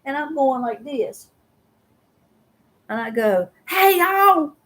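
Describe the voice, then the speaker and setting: High-voiced animated woman. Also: slow. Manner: animated storyteller who acts out voices. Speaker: host. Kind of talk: casual live-stream storytelling.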